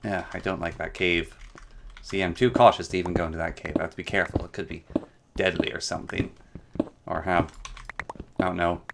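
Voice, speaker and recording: A man's voice: low-pitched, steady tone, a little fast, pauses often, noisy background. A man chatting playfully through a gameplay stream, rambling with jokey asides. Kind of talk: casual gameplay commentary. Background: background music and keyboard typing.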